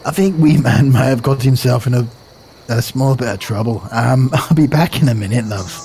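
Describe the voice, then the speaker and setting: A man's voice: mid-range voice, moderate pace, a little mellow, a little hiss or hum, close to an everyday voice. A man voicing an easygoing, blunt male adventurer who teases and swears offhandedly, in tabletop role-play. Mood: breezy. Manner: casual, teasing, swears offhandedly.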